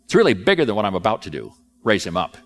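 A man doing a calm, commanding teacher. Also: on the low side, long reverb tail, pitched below the performer's own voice. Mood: measured. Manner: commanding, measured. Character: calm authoritative male teacher.

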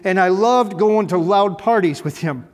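A man's voice: high voice, unhurried. A middle-aged man, a former police officer, telling humorous stories to an audience in a folksy way with dry, self-mocking humor. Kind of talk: humorous storytelling talk to an audience. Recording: echoey hall reverb.

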